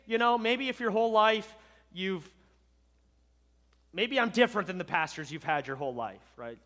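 A man who is a pastor, preaching a farewell sermon with emphasis, moving from loud declarations to hushed words and often checking in with "right?". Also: high voice. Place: church sanctuary. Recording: long reverb of a large hall.

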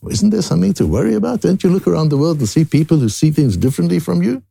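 Man, Talmud teacher; gravelly, mellow, dry close sound, restarts and climbs in pitch for emphasis. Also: fast, no echo. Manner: animated rising emphasis, frequent restarts, Hebrew and Yiddish terms. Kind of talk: Daf Yomi Talmud lesson.

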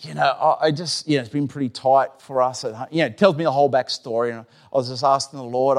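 A middle-aged man, preaching a sermon in a chatty, animated way, acting out his own inner voice and laughing often. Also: on the high side, brisk. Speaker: pastor. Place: church.

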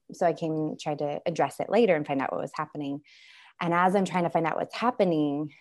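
Low-voiced woman telling a candid story. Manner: candid, animated storytelling with laughs and fillers. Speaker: life and parenting coach, guest. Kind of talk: podcast interview storytelling.

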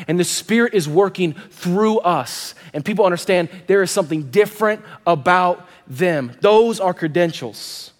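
A high-voiced man in his thirties preaching to his congregation, moving through an animated personal story with quick asides. His voice rings out with a long reverberant tail, as from a big church hall. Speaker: pastor.

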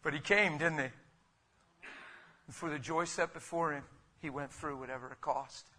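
A middle-aged male preacher with a fairly high, bright, forceful tone. He preaches with fervor, dropping to near-whispered asides before surging into loud, emphatic declarations. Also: fairly even intonation, moderate pace. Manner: fervent, swinging from quiet to loud emphatic bursts. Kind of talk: sermon.

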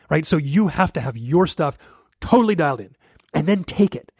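A man's voice: a little high, lively intonation, normal speed, a little mellow, breathy edge, dry recording, studio quality. A man in his thirties hosting a solo podcast, giving blunt coaching advice straight to his listeners. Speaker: podcast host.

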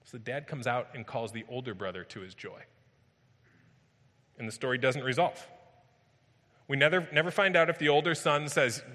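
A pastor delivering a sermon with a bright, forceful tone that carries into a long, ringing hall reverb. He is emphatic, leaning into repeated phrases and a vivid retelling of the story. His voice sits at an ordinary male pitch. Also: normal speed.

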